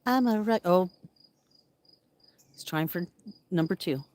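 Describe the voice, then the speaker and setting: A woman with a lowish, rugged voice chats casually with viewers from her backyard. She drifts between loose talk and playful singsong calls to the birds and chipmunks. Crickets chirp faintly behind her outdoors. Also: animated, takes it slowly, darkish tone. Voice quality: low, rugged voice. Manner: chatty, talks to backyard animals in a playful singsong. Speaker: vlogger. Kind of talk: casual live chat with viewers.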